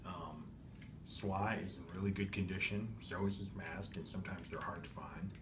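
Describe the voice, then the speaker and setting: A man's voice: low-pitched, normal speed. A man casually narrating as he unboxes and shows off a vintage toy, rambling and correcting himself with lots of ums. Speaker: toy collector vlogger. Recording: echoey room with steady background noise.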